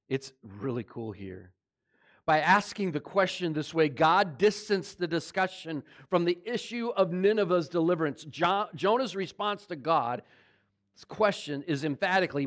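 High-voiced man preaching a sermon. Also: animated, a little slow, a bit bright. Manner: conversational preaching, asks the congregation questions; dramatizes voices of God and Jonah in quotes. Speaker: pastor.

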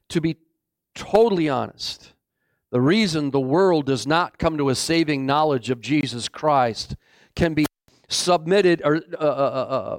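Male pastor, high voice, slow dramatic preaching, dry close sound. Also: no echo. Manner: dramatic, swings between booming and hushed. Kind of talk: sermon.

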